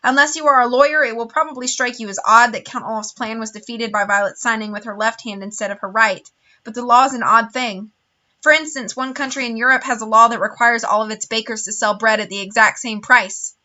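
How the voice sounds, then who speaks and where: Bright-voiced woman reading a novel aloud. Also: on the high side, fairly even intonation, a little fast, highs cut off. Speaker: reader.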